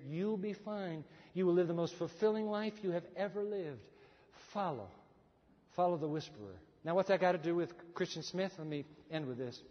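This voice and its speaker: High voiced guy preaching, acts out the characters, dull echoey hall recording. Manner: animated storytelling, acts out quoted voices. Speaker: pastor. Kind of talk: sermon. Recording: dull sound with long hall reverb.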